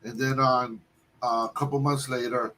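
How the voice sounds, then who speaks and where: A man telling a long personal story on a livestream, halting often and restarting his sentences. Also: mid-range voice, level tone, a bit bright. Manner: halting, with many restarts and fillers. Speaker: guest storyteller. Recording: distant mic with faint background noise.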